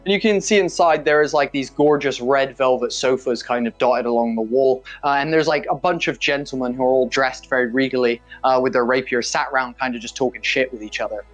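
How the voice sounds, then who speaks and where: Casual game master narrating. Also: male voice, mid-range voice, a little fast, hardly any pauses, faint music behind. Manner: casual, filler-heavy storytelling.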